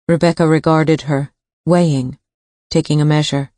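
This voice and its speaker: Low-voiced woman narrating a thriller. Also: fairly even intonation, measured pace, darkish tone, dry recording, studio quality. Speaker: audiobook narrator. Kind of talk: scripted narration.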